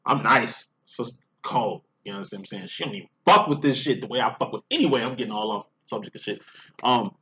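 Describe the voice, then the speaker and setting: A man's voice: mid-range voice, brisk, bright, forceful tone. Profane rambling man, lo-fi sound. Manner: profane, rambling street talk. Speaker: twin flame spiritual reader. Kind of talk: casual spiritual monologue. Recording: dull lo-fi audio.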